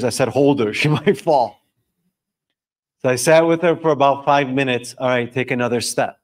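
A young man leading a live group discussion before an audience in a room, telling stories and questioning the room in an animated way. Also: mid-range voice. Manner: animated, storytelling, quizzing the audience. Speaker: discussion leader.

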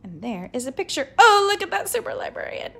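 A woman reading a children's book aloud in an expressive, playful way. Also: very high-pitched, fairly quick, vocal fry. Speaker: storybook reader.

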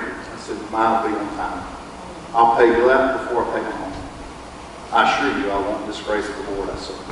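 A man's voice: fairly low pitch, background noise. A man, preaching as a pastor, telling a personal testimony in a folksy storytelling way. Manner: folksy storytelling, quotes others in lively bursts. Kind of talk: sermon testimony. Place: church sanctuary. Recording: echoey church hall, distant mic.

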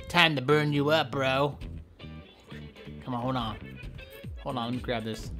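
A man hosting a gameplay video, giving playful, goofy commentary that keeps breaking into yelps and shouts. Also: medium pitch, big pitch swings, slow, faint music behind. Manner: goofy, trash-talking, yelps and shouts often. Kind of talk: playful let's-play commentary.

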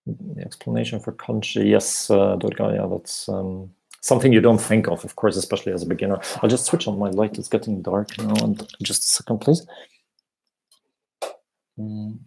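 A man's voice: lowish voice, fairly even intonation, normal speed, creaky, a little mellow, slight background noise. A man teaching a language in a live question-and-answer lesson, explaining patiently with many fillers and restarts, wearing earphones at home. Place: home room at dusk. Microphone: earphones with mic. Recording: echoey room.

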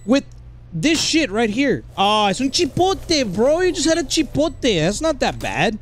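A man with a Mexican accent doing comedic, crude gameplay commentary and often yelling. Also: extremely high pitch, huge pitch swings, moderate pace. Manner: loud, crude, joking, yells in bursts. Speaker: gaming YouTuber.

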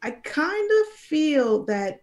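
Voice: high voice, very animated, slow, darkish tone. A young adult guest on a casual panel discussion who speaks hesitantly, with many ums and restarts.

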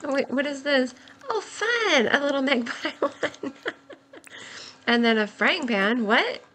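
A young woman giving excited, giggly commentary while playing a game, her voice worn from a long stream. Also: sits high, measured pace. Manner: gushing, giggly, exclaims often. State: voice nearly gone, worn.

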